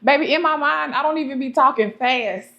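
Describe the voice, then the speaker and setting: Young woman vlogging, chatty and animated, laughs a lot, kinda high voice. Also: dull audio. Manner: animated, laughs often, talks fast when excited. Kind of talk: casual storytelling to camera.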